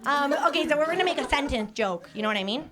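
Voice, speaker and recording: Brief: young female stand-up, high voice, rambling and self-deprecating, loud crowd. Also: lively intonation. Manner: quick, rambling, self-deprecating, laughing between lines. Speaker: stand-up comedian. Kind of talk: stand-up comedy. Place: comedy stage with live audience. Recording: loud audience laughter and noise.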